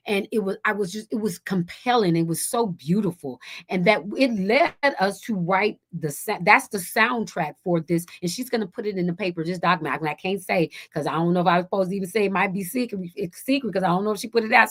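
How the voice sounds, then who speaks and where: Animated storytelling woman on the radio. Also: a little fast, few pauses. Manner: animated, acts out quoted voices with big pitch jumps; rambling with frequent restarts. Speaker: radio show guest, school co-founder. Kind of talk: casual storytelling interview.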